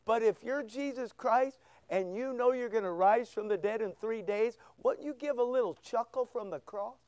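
A man preaching a sermon as pastor, full of rhetorical questions, swinging between loud bursts and hushed asides. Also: very high-pitched, normal speed, clear, resonant tone, dry recording. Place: church.

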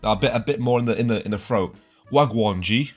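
A man's voice: mid-range voice, fairly even intonation, rapid-fire, faint music behind. A young man chatting casually while gaming, joking, laughing often and slipping into mock London slang. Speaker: gaming YouTuber.

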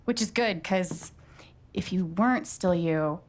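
A woman's voice: on the low side, measured pace, close to an everyday voice. A woman playing a dry, sarcastic young heroine. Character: wry, guarded young woman protagonist. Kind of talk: video game voice acting.

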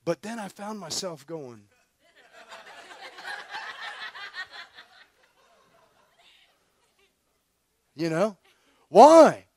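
A man preaching at a conference, telling a story in a loose, slangy and energetic way, full of fillers. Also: high voice, unhurried. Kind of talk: storytelling sermon.

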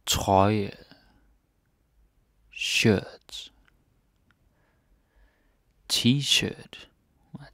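A man with a Danish accent teaching a relaxed vocabulary lesson, repeating each word and tagging lines with a questioning "eh?". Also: lowish voice, gravelly, breathy edge, dry recording, studio quality. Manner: relaxed, repeats words slowly, tags sentences with "eh?".

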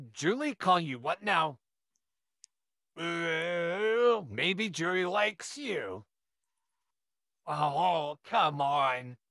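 A man's voice: high-pitched, bright, forceful tone, no echo, studio quality, exaggerated voice. A man voicing an overexcited, friendly young neighbor who gushes and stammers, in a listener role-play. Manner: eager, gushing, stammering.

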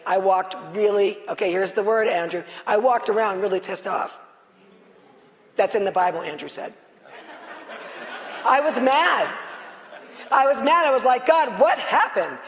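A middle-aged woman on stage, giving a loud, passionate, excitable testimony to a live audience. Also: medium pitch, moderate pace, pauses often. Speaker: guest speaker sharing her healing testimony. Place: on stage before a live audience in a large hall. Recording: long reverb of a large hall.

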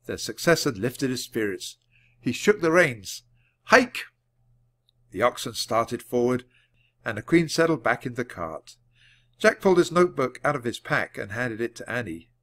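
A man reading a children's chapter book aloud with clear narration. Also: mid-range voice, very animated, moderate pace, fairly bright tone. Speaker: audiobook reader.

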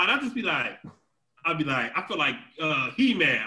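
Man, podcast host, casual storytelling, high lively voice, acts out dialogue. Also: moderate pace, poor audio. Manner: animated storytelling, acts out quoted dialogue, laughs often. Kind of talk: casual chat.

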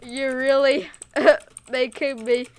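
Giggly woman streaming a game, slow-paced. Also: high-pitched, dry recording. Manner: giggly, excitable, slangy, talks to viewers. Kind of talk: casual live gameplay commentary.

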